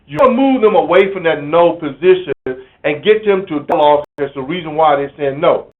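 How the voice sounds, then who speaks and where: A man's voice: on the high side, a little fast. A man giving a business training lecture, speaking emphatically, repeating key phrases and acting out examples. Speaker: corporate trainer. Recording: tinny phone-like audio.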